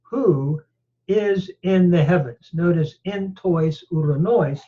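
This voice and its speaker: A man teaching a Greek grammar lecture on scripture. He goes through the text word by word in a methodical way and often pauses to hesitate. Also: sits high. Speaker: Bible teacher. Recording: dull lo-fi recording.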